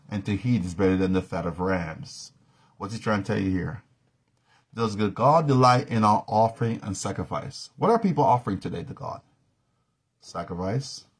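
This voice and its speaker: A man with a low, husky voice teaches a Bible study in sermon style. He talks straight to his listeners, firing off rhetorical questions and pushing his points home with rising emphasis.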